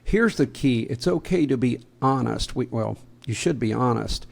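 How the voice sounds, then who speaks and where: Gravelly Southern American man, joking. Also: medium pitch, lively intonation, normal speed. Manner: joking, laughs often, restarts sentences. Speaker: podcast co-host. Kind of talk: casual podcast chat.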